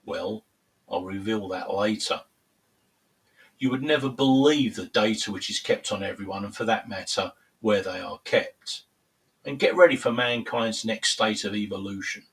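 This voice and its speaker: A man with a Cockney accent and a cold, reading a prepared political monologue in a measured, formal, grave manner. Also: fairly low pitch, a bit bright, far from the mic, poor audio. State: has a cold. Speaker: political commentary host.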